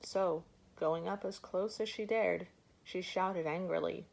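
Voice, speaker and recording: A woman reading a folk tale aloud for children in a gentle, measured way. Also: lowish voice, fairly even intonation, creaky. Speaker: storyteller. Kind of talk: storybook reading.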